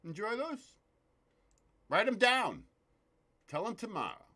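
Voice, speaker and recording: The show host's voice sits high, with big pitch swings, a slow pace and a pushed, bright quality. He runs a loose live stream, joking, swearing and greeting viewers by name in casual chat.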